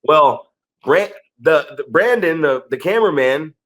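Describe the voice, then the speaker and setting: A man co-hosts a podcast, telling a long story in loose, rambling fashion and swearing freely. He keeps tossing in "right?" to check his listener is following. His voice sits a little higher than most men's. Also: expressive, measured pace, a bit bright. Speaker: podcast co-host and pro wrestler.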